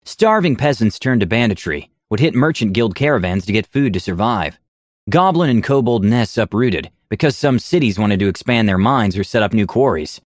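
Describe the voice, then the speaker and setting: A man voicing a calm, cold-eyed gentleman lizardfolk with a silky, measured voice. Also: lowish voice, dry recording, studio quality. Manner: measured, quietly menacing.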